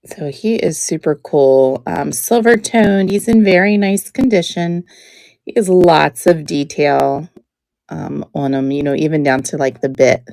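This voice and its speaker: A woman hosting a live jewelry auction stream, chatting in a relaxed way as she describes each piece, with many ums. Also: sits low, measured pace, vocal fry, no room sound.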